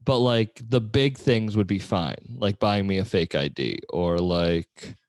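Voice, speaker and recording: A man's voice: lowish voice, measured pace, a little mellow, dry recording. A man hosting a casual chat podcast, rambling through stories and laughing often. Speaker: podcast host.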